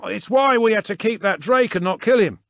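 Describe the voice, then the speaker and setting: A man doing an emphatic, high-voiced soldier. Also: lively intonation, normal speed, gravelly, a bit bright, no room sound, studio quality, exaggerated voice.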